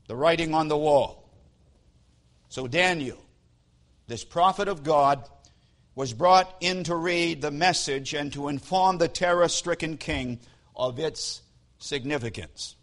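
Slow, solemn male preacher. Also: on the high side, a bit bright. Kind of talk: sermon.

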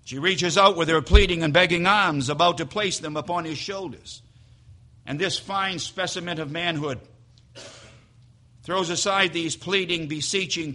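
A male pastor preaching a dramatic sermon in a church sanctuary, swinging from hushed to loud as he tells a story. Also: fairly high pitch, normal speed.

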